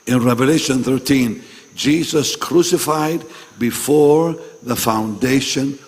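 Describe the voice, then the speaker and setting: A man preaches at an unhurried, drawn-out pace, his voice still strained after losing it the night before. He leaps from loud, ringing calls down to hushed, breathy asides. The sound carries a long reverb, as in a large meeting hall. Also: mid-range voice. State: recovering from a lost voice. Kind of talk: sermon to pastors.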